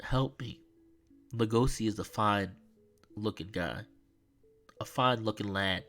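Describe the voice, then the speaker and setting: A man streaming live, reading a visual novel aloud and chatting in an excitable, rambling way. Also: lowish voice, slow pace, faint music behind.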